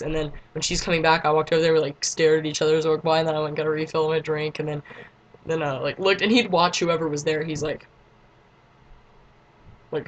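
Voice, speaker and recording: A teenage girl telling a story to her camera in a casual vlog. She chats and giggles along and leans on "like" constantly. Now and then she breaks into excited squeals. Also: on the low side, slight background noise. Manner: chatty and giggly, lots of "like", squeals in quotes. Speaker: vlogger.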